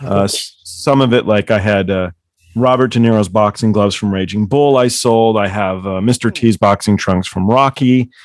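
A man's voice: lowish voice, moderate pace, no room sound, studio quality. A man telling rambling, profane stories as the author guest on a casual book club chat. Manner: rambling, profane, laughing storyteller.

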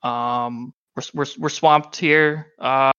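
A man's voice: medium pitch, steady tone, slow, bright, forceful tone, clear, resonant tone, no echo, lo-fi sound. A man voicing a nervous young male small-town deputy in a tabletop game, stammering and flustered but overly polite. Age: late twenties (figure).

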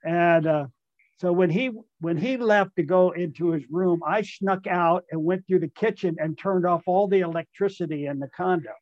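Older male storyteller, higher-pitched, rambling and amused; dry, dull remote-call sound. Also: normal speed, a little mellow, dry recording. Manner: rambling, self-amused, restarts and fillers, acts out voices in quotes. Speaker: guest, retired baseball player. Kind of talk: storytelling anecdote.

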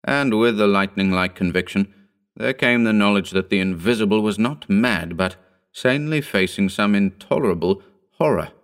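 Low-voiced man reading a sea tale. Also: moderate pace, smooth. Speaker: reader. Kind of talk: reading a horror short story aloud.

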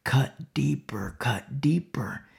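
A man voicing a demon that whispers temptations, in a hushed, coaxing whisper. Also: on the high side, expressive, normal speed, vocal fry. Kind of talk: preaching with acted quotes.

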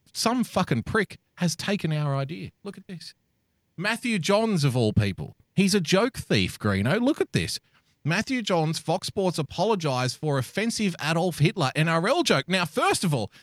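An Australian man with a mid-pitched voice rants and swears on a casual podcast. His voice swings widely as he goes. The recording is dry and close. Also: no echo. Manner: sweary, ranting, laughs often. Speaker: podcast co-host.

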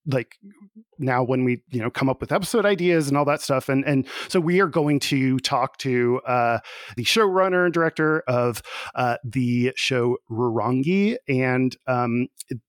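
A man's voice: medium pitch, measured pace, dry recording, studio quality. A man hosting a podcast in casual chat, rambling and searching for words with many fillers. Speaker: podcast host.

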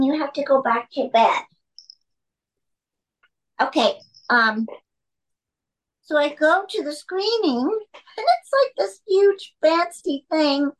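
A woman's voice: sits high, rough recording. A middle-aged actress telling rambling anecdotes at home in a casual interview, stopping to talk to her cat.

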